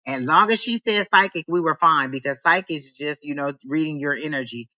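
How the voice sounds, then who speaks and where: A man with a higher-than-usual, very bright, ringing voice gives a live psychic reading. He is emphatic and preachy, repeating his points over and over, and the sound is dry and close. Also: brisk, no echo, rough recording. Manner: emphatic, repetitive, preachy encouragement. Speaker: psychic reader.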